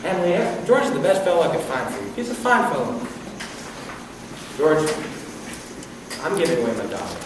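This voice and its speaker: Guy playing a calm reassuring dad, lively up-and-down voice, distant echoey hall with some hiss. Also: on the high side, moderate pace, pauses often. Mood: soothing. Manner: soothing, steady. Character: gentle, reassuring father of the bride.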